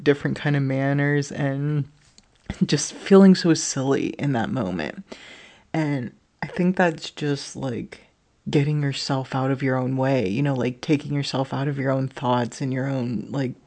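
With a mid-range, slightly mellow voice, a thirty-something speaker rambles through an honest personal story, sprinkling in plenty of "like" fillers and offhand swearing.

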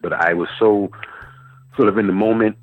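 A man, a guest poet telling a long story in an interview, animated and repeating words as he searches for them. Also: fairly low pitch, moderate pace. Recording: phone-line interview with faint music.

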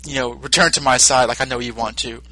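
A man's voice: mid-range voice, fairly even intonation, fast talker, bright, forceful tone, no echo, voice pushed down, low-quality recording. A man voicing a sneering male alien tyrant who mocks and gloats while retelling a cartoon fight. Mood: gloating. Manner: taunting, mocking.

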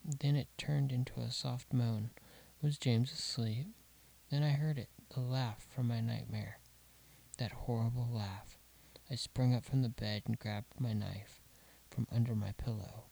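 A man reading a horror story aloud, slow and deliberate, dropping to a hush at grim details. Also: mid-range voice, creaky, low-quality recording. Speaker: narrator. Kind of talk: scripted horror story narration.

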